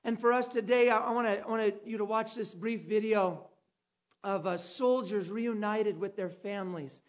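A man's voice: high-pitched, fairly even intonation, normal speed, lo-fi sound. Man preaching a dramatic sermon story. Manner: storytelling, dramatic with sudden loud calls. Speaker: pastor.

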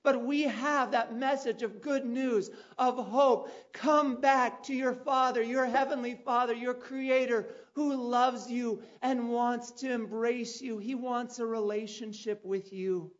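A man preaching a sermon, telling a personal story with dramatic turns and loud calls. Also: very high voice, fairly even intonation, a little slow, hardly any pauses, highs cut off. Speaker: pastor.

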